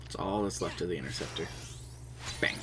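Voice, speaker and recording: A young man commentating casually on a live game stream, excitable and quick to swear and laugh. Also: sits low, background noise. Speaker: streamer playing a video game.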